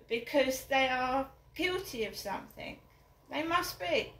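A woman's voice: fairly high pitch, fairly bright tone, reverberant. A middle-aged woman speaking in an angry personal vlog, indignant and emphatic, repeating phrases for force. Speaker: vlogger. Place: home flat.

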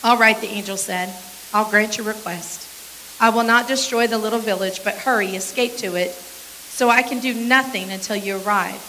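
Bright-voiced woman pastor reading scripture. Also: mid-range voice, steady tone, normal speed, a little hiss or hum, poor audio. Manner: reads scripture aloud with brief asides to the congregation.

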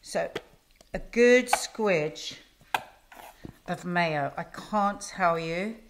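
A woman's voice: fairly low pitch, very slow. A middle-aged woman chatting affectionately while hosting a cooking demonstration in her home kitchen. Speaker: cooking show host. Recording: noisy kitchen with sizzling. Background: frying and sizzling.

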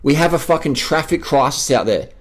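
An Australian man rants straight to his viewers in a vlog, swearing freely and driving each point home through repetition. His voice sits a little higher than most men's, and he talks with blunt, restless conviction. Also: lively intonation, a little fast. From South Australia. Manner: profane, emphatic and repetitive. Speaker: vlogger. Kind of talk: unscripted rant to camera.

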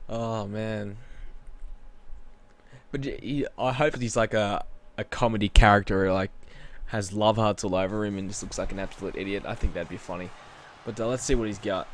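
A man giving casual, rambling commentary while playing a wrestling video game, often interrupting himself. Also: lowish voice. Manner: rambling, chatty, self-interrupting. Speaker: gaming channel host.

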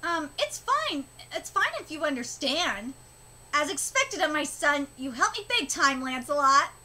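A woman reading the lines of a gentle, put-upon male fairy king who is a father, in a soft, tired manner, over a noisy recording. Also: sits high, sing-song, unhurried, voice pushed down, full character voice. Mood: weary.

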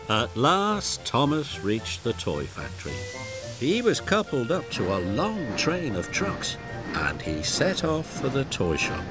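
Man, storybook narrator, gentle, expressive, slow, music behind. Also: medium pitch.

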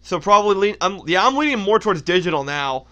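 A man giving casual gameplay commentary as a let's play host, excitable and laughing often, breaking off mid-sentence. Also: high voice, fast, clear, resonant tone.

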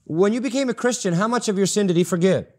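A man's voice: sits high, fast talker, warm tone. A man preaching a sermon, emphatic and repeating key phrases for stress. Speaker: pastor. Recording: audio-only sermon recording.

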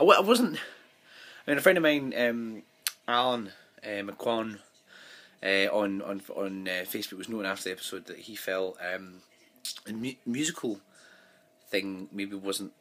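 A man's voice: mid-range voice, a bit bright. A man giving a casual, rambling vlog review of a TV episode, recorded on his phone, full of fillers and restarts.

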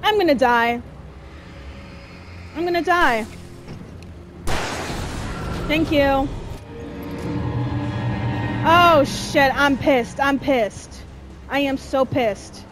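A woman streaming a horror game, chatting and swearing, jumpy and quick to shout when chased. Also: high voice, steady tone, music in the background. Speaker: gameplay streamer. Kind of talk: casual let's-play commentary.

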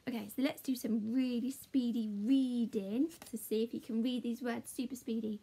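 A woman teacher leads a children's phonics lesson, drawing out each sound slowly in a sing-song, encouraging voice. Her tone is fairly high, with a gravelly edge and a husky, mellow timbre. She chats playfully with a puppet as she goes. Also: steady tone. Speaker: primary school teacher.

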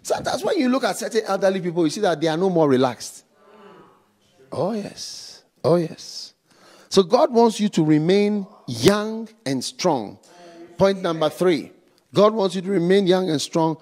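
A man preaching a slow, emphatic sermon in church, stopping often for call-outs to the congregation. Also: high-pitched, animated, darkish tone. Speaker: pastor.

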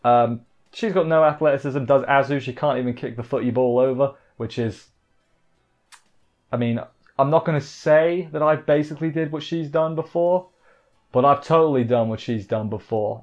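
A man's voice: mid-range voice, normal speed, dull audio. A man giving a rambling, casual anime episode recap on a live stream, full of jokey asides. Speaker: anime reviewer.

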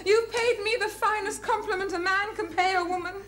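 A prim genteel spinster. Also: female voice, very high-pitched, fairly even intonation, fairly quick, fairly bright tone, slight background noise. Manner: prim, refined, breathy flutter. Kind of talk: 1970s studio sitcom acting. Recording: 1970s TV clip with audience laughter.

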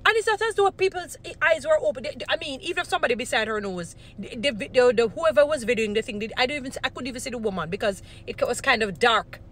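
A woman's voice: a little high, fast, hardly any pauses, a bit bright. A woman giving Christian commentary in a casual vlog, earnest and given to repeating points for emphasis. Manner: earnest, grows indignant, repeats herself for emphasis.

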